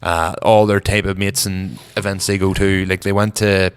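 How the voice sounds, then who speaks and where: A young man with a Northern Irish accent co-hosting a casual car podcast, rambling in a relaxed way, trailing off softly, and feeling cold. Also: deep voice, moderate pace, clear, resonant tone. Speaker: podcast co-host. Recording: long reverb.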